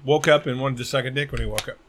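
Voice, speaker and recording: A man's voice: mid-range voice, racing. A man co-hosting a casual podcast, joking bluntly and crudely.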